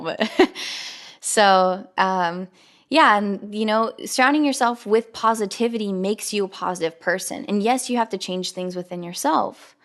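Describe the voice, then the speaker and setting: A young woman hosts her own podcast solo, her medium-pitched voice moving at a moderate pace. Her monologue is casual, chatty and earnest, loaded with fillers and quoted asides.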